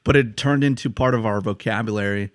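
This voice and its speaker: A man's voice: fairly low pitch, brisk, no echo, clean studio sound. A young man from the United States co-hosting a podcast, chatting casually with lots of swearing and laughter. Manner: swears a lot, laughs while telling stories. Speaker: podcast co-host. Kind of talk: casual chat.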